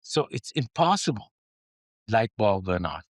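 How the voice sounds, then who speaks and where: Lively male executive telling a story. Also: lowish voice, measured pace, dry recording. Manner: animated storyteller who acts out dialogue. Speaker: mining company chief executive. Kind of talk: storytelling in a podcast interview.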